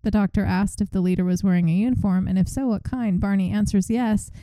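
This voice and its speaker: Woman podcaster retelling a story, dark mellow voice, dry room. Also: medium pitch, quick pace, dry recording, poor audio. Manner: animated retelling, reenacts quotes. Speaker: podcast co-host. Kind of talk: casual storytelling.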